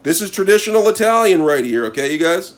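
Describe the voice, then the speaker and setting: Man, cooking host, fairly high voice, mock-serious running commentary while he works. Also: big pitch swings, quick pace. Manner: mock-serious, repeats a catchphrase, talks to viewers as he works. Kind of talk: casual cooking demonstration to camera.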